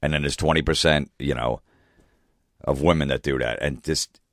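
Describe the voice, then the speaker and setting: A middle-aged man talks through a podcast monologue with a very deep, low voice. The sound is dry and close-miked. He rants and swears freely and slips into mocking voices now and then. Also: steady tone, normal speed, a bit bright, no room sound. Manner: profane, ranting, acts out hecklers in mocking voices. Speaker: comedian and podcast host.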